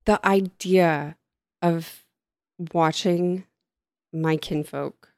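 A woman's voice: lowish voice, steady tone, very slow, a little mellow, dry recording, studio quality. A woman co-hosting a casual comedy chat, ranting with theatrical, mock-dramatic outrage. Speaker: podcast co-host.

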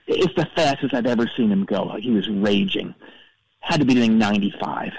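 A man's voice: fairly low pitch, moderate pace, noisy background, natural voice. A man playing a self-absorbed radio DJ who calls in to a comedy show, telling a long rambling story full of stammered restarts. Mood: deadpan. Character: vain male radio DJ, cold and self-absorbed. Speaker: caller. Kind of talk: comedic call-in character bit.

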